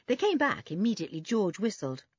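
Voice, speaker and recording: A woman narrating a children's adventure story in an expressive, animated reading. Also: mid-range voice, brisk, husky, dry recording, highs cut off. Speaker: audiobook narrator.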